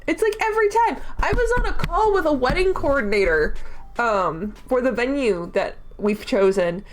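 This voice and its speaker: A woman's voice: sits high, expressive, normal speed, a little hiss or hum. A young adult woman chatting casually on a livestream, rambling with lots of fillers and frequent giggles. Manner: giggly, rambling, laughs often. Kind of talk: casual chat stream.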